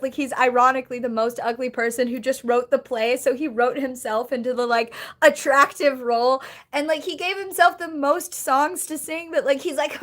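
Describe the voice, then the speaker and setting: A woman's voice: high voice, fairly bright tone. A young woman live streaming, chatting casually and rambling with lots of fillers and giggles as she thanks viewers.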